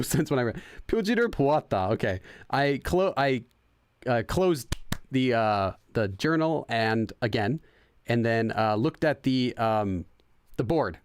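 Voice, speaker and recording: A young man hosts a casual let's-play for his gaming channel, speaking with a clean, mid-range voice. He chats, laughs often and translates the game text as he goes.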